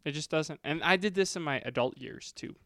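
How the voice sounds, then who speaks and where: A man's voice: on the high side, fairly quick, pushed and bright, no room sound, clean studio sound. A man chatting casually on a podcast, rambling with many repeated fillers. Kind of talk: casual chat.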